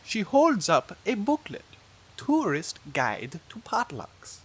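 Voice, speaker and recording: Animated, husky woman reading a storybook. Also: mid-range voice, slow. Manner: animated and playful. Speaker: storybook reader. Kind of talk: expressive read-aloud narration.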